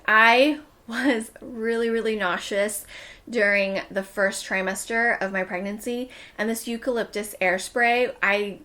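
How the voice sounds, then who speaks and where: A woman in her thirties talking casually through the beauty products she used up. She is upbeat and chatty, and she sounds slightly out of breath. Her voice sits at an ordinary middle pitch for a woman. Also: a bit bright. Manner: chatty, enthusiastic. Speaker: beauty vlogger.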